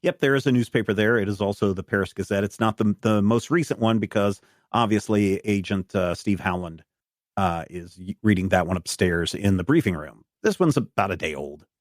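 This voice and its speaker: A man narrating as game master of a tabletop game, rambling with many pauses and fillers. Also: on the low side, no echo, studio quality. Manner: rambling, many "uh"s and restarts while describing.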